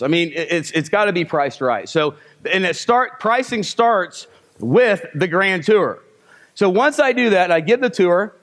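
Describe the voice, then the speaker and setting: Here a male sales trainer, his voice a bit bright and a little high for a man, works a live seminar crowd. He throws out rhetorical question after rhetorical question, following each with a short, punchy command.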